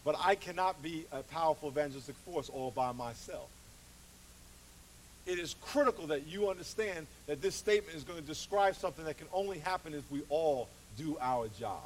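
A middle-aged man preaching a sermon as pastor, animated, with congregation call-outs. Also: a little high, fairly quick. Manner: animated, acts out voices, calls for congregation responses. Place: church hall. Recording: distant mic with faint hiss.

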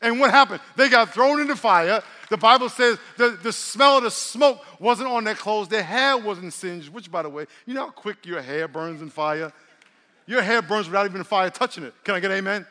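A man's voice: high-pitched, normal speed, bright, forceful tone, long reverb tail. A male pastor preaching a sermon, calling on the congregation to respond and slipping in jokes. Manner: preaching with call-and-response and humor.

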